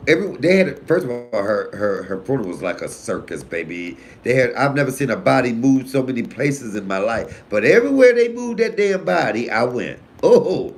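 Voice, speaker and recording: Man, comedian from Detroit, casual live-stream storytelling, profane, lively swinging pitch, mid-pitched voice. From Detroit, USA. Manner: animated, profane, swings between loud and hushed.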